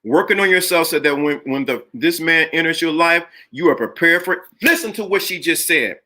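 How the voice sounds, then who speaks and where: A middle-aged man hosts a live stream, delivering a motivational talk to his viewers in a preachy, emphatic style and driving points home with repeated phrases. His bright voice sits well above the typical male range, and he speaks a little fast.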